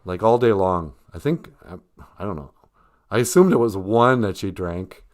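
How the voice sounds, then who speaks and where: A man's voice: sits low, lively intonation, normal speed, a little mellow. An older man hosting a casual live stream about Ojibwe, rambling and joking, often breaking into laughs. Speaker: host teaching Ojibwe.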